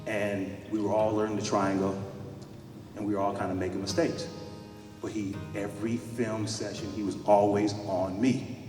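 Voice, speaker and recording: A man, a former pro basketball player, speaking as a guest to an audience, telling stories in an animated way and repeating phrases for emphasis. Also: on the low side, normal speed, music in the background. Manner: animated, acts out quoted dialogue, repeats phrases. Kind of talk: storytelling talk to an audience. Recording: echoey hall, speaker far from mic.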